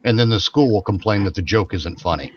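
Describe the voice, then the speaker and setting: A man with a lowish voice talks loosely in a casual podcast chat, circling back over his words and restarting phrases. The recording sounds dull and lo-fi. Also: brisk, a little hiss or hum. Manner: rambling, repeats and restarts phrases. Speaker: podcast co-host.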